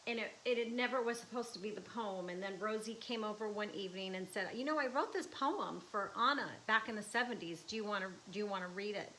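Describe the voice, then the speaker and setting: A woman's voice: medium pitch, fast, hardly any pauses, a bit bright, slight background noise, poor audio. A woman in her fifties, an artist chatting casually and emotionally in a live stream from her art studio, with laughs and restarts. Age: 50s. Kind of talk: casual livestream chat.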